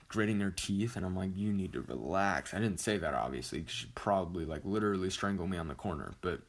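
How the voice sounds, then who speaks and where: A man's voice: low-pitched, fairly bright tone. A teenage boy vlogger telling a story casually, rambling and swearing with lots of "like". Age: teens. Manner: rambling, profane, fillers like "like".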